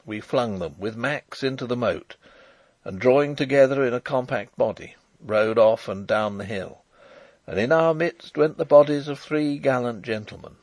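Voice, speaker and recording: Brief: male audiobook narrator, measured and expressive, close and dry. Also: mid-range voice, no room sound. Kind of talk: scripted narration of a novel.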